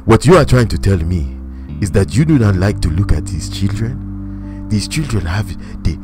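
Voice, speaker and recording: A man's voice: deep voice, normal speed, over music, close to an everyday voice. A man doing a stern accented lecturer. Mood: mock solemn.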